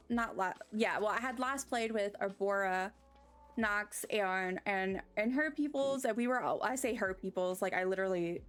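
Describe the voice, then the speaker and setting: A woman streaming a game, chatting casually with her viewers and getting excited over her wins. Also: medium pitch, smooth. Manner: chatty and excitable, squealing with delight. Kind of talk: casual live-stream chat while gaming.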